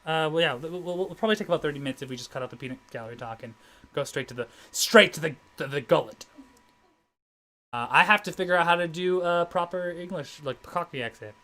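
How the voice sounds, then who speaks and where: A man's voice: a little high, quick pace, fairly bright tone. A man streaming a game, chatting casually and rambling, often restarting his sentences. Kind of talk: casual let's-play commentary.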